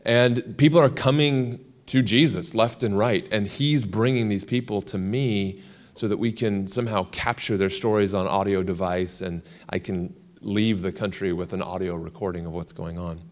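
Man, American, low-pitched, interview guest, storytelling, acts out quotes. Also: normal speed. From United States.

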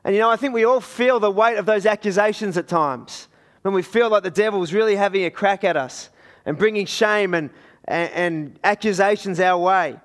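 High-voiced Australian preacher. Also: male voice, normal speed, fairly bright tone. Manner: conversational, illustrative storytelling. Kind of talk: sermon.

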